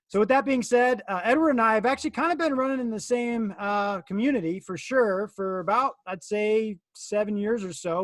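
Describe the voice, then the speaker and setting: A man's voice: sits high, dry recording. A man hosting a casual interview podcast, introducing his guest in a rambling, friendly way with many fillers. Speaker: podcast host.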